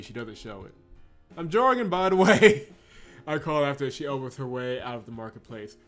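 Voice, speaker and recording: A man streaming a visual novel, reading it aloud in a dramatic read-through with casual asides; he chuckles often and stumbles and corrects himself on words. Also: medium pitch. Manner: chuckles often, breaks off into playful commentary.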